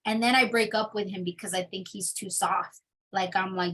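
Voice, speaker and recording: A young adult woman telling her personal testimony in an interview, in a casual, animated storytelling manner. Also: medium pitch, normal speed. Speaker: interview guest.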